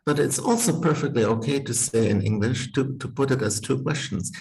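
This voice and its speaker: A man's voice: mid-range voice, normal speed, vocal fry, a little mellow, low-quality recording. A man teaching as a university Sanskrit professor, thinking aloud with careful restarts and small laughs, talking over a video call. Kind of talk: university text-reading seminar.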